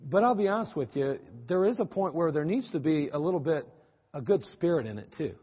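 Animated preacher in a reverberant church. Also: male voice, a little high, fast talker, husky. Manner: folksy, animated preaching with asides and teasing. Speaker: pastor. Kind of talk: sermon. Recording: dull, lo-fi audio with long church-hall reverb.

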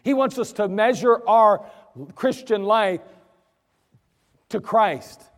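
Man preaching in a church, high pitch, long reverb hall, emphatic delivery. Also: takes it slowly. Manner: emphatic preaching, acting out quoted voices. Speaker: pastor. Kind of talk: sermon. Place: church sanctuary.

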